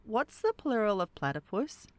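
A woman's voice: medium pitch, big pitch swings, normal speed. An Australian woman hosting a casual interview, rambling and self-deprecating, laughing at her own puns. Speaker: podcast host interviewing a voice actor. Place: home, rural property.

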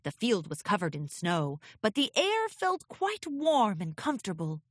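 A woman reading a children's storybook aloud with expressive, lilting narration. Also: mid-range voice, a little slow, no room sound, studio quality. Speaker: audiobook reader.

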